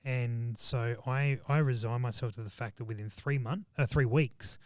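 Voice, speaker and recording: Male guest, mid pitch, rambling, dry close sound. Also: fairly even intonation, moderate pace, a little mellow, no room sound. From Australia. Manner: rambling, many restarts. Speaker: shooting business owner, guest. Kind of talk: casual podcast chat.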